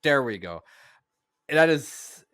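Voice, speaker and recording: A man's voice: mid-range voice, sing-song, slow pace, a bit bright, clean tone, no echo, clean studio sound. A man co-hosting a casual podcast, teasing and playful. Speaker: podcast co-host and editor. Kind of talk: casual chat.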